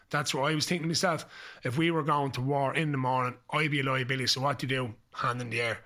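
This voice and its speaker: Bright-voiced Irish man telling stories. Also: medium pitch, fast. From Ireland. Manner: animated, swearing, lots of fillers and restarts. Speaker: podcast guest. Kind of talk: casual storytelling chat.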